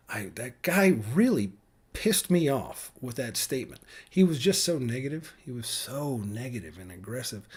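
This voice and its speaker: A man's voice: mid-range voice, a little mellow, breathy edge. A middle-aged man ranting casually to his daughters in a rambling way, full of fillers and restarts. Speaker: vlogger speaking to his daughters. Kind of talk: casual rambling rant to camera.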